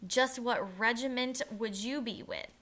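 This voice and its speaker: Woman voicing a gruff heavy-set army captain. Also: a little slow, fairly bright tone. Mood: gruff coaxing. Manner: coaxing, pushy, speaks low.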